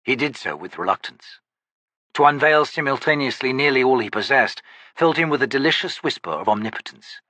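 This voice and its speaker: A man narrates a fantasy audiobook with a bright, husky voice and a lively, expressive melody. His reading is measured and storytelling in manner. The recording is close and dry. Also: mid-range voice, no room sound.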